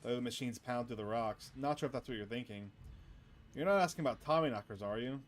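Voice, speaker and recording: A man's voice: medium pitch, fast talker, close to an everyday voice. A man voicing a small-town miner in a visual novel, talking in a folksy, offhand way. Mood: dismissive. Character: gruff small-town male miner, dismissive.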